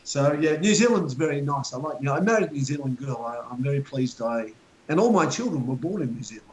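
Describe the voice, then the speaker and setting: A man's voice: mid-range voice, animated, fast talker, a little hiss or hum, poor audio. An Australian man in his fifties, a talk show guest spinning long rambling anecdotes in casual chat. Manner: rambling anecdotal storyteller, chuckling.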